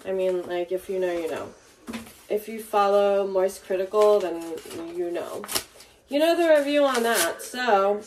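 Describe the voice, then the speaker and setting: A woman's voice: medium pitch, measured pace. A young woman venting in a casual home vlog, angry and swearing, with many fillers. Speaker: vlogger. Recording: audible background noise.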